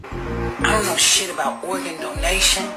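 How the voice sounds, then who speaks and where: A woman's voice: fairly low pitch, steady tone, normal speed, over loud music. A woman giving an urgent, emphatic warning in slangy talk straight to her audience. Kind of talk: direct-to-camera warning rant.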